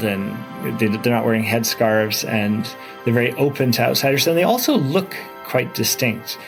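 Traveler man, documentary interview, eager storytelling, music under. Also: medium pitch. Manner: enthusiastic, with restarts and repeated words. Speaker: adventurer recounting his trip.

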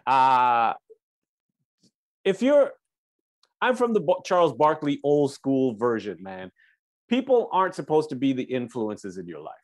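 A man's voice: on the high side, very animated, moderate pace, a little mellow. A man guesting on a comedy podcast, talking emphatically and laughing often. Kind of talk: casual comedy podcast chat.

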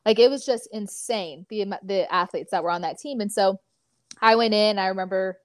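A woman in her twenties from California, an athlete chatting casually as an interview guest, talking in animated stories full of fillers. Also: medium pitch, normal speed, no echo, studio quality.

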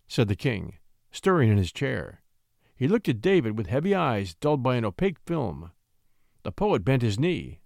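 Expressive male storyteller. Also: mid-range voice, moderate pace, creaky, dry recording, clean studio sound. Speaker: narrator. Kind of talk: scripted narration.

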